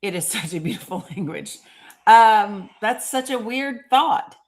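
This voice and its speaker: A woman's voice: mid-range voice, expressive, unhurried. A woman with a Northeast Tennessee accent hosting a live stream, chatting emphatically and calling out commenters by name. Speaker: livestream host.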